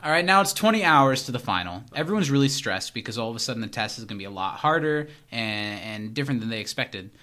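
Bright-voiced man chatting casually. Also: medium pitch, lively intonation. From Indiana. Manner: chatty, playful, does quick comic voices when quoting. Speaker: podcast co-host. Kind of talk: casual chat recapping a TV episode.

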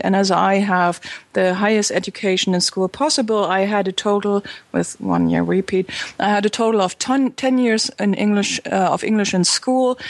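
A woman's voice: medium pitch, creaky. A chatty German woman in her forties with a mid-range voice, talking openly as an interview guest over a remote call. Her native German shows through her English, and she often doubles words as she restarts a thought. The sound is dry and close, with no room echo. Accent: German, with an American lilt. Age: 40s. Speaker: guest, tech and marketing consultant.

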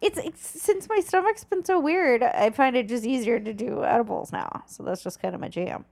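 A woman co-hosting a podcast, chatting casually with deadpan jokes and the odd swear. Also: fairly high pitch, normal speed, vocal fry, dry recording. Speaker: podcast co-host. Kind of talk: casual chat.

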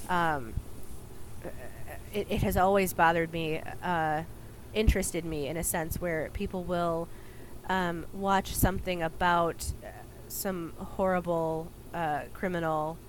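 A woman's voice: fairly low pitch, steady tone, slow, rough recording. Podcast co-host, female, chatty and rambling, faint background noise. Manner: chatty, rambling with many fillers. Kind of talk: casual chat.

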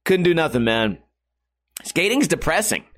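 A man in his thirties with a fairly high voice rambles through a casual vlog. He swears freely, laughs at himself a lot and keeps up a crude, self-mocking streak. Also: big pitch swings, normal speed, fairly bright tone. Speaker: vlogger.

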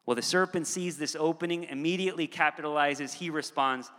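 Pastor, male, thirties; forceful, bright tone, casual sermon delivery with "okay" asides. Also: a little high, steady tone, fairly quick, few pauses. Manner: conversational, with frequent "okay" asides. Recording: long hall reverb.

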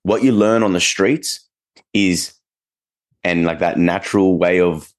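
A man's voice: low voice, steady tone, a little slow. A man hosting a podcast, telling stories in a loose, rambling way with plenty of fillers. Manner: rambling storyteller, many fillers. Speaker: podcast host. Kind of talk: casual conversation.

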